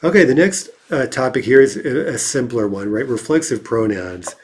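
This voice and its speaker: Husky man teaching grammar, casual and slow. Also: mid-range voice, lively intonation. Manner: conversational, reads examples slowly and checks in with "right?". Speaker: language teacher. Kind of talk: explaining grammar exercises.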